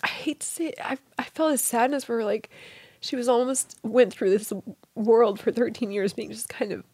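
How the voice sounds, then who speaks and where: A middle-aged woman telling a personal story in a soft, halting way, sometimes falling to a whisper. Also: a little high, steady tone, husky, no room sound, clean studio sound. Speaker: interview guest.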